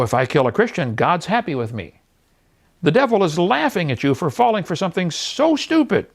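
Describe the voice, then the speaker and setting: Middle-aged male speaker, gravelly and lively, jokey mocking lecture style. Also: sits high. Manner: mocking, jokey and blunt, laughs at his own points. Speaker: creationist speaker. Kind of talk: folksy seminar lecture.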